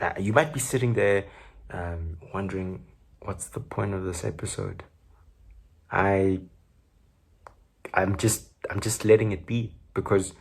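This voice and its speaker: A South African man with a South African accent, hosting his podcast in loose, joking solo chat full of fillers. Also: deep voice. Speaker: podcast host.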